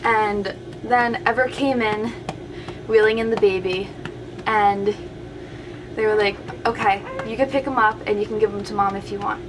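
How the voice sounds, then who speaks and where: A woman's voice: medium pitch, steady tone, normal speed, noisy background. Chatty young woman vlogger. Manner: chatty, heavy use of "like", retelling with quoted voices. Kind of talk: casual storytelling to camera.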